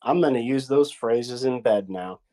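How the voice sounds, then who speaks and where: A man's voice: medium pitch, normal speed, dark tone. A man co-hosting a toy show, chatting casually and reacting with mock protest and laughter. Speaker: co-host. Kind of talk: casual comedic chat.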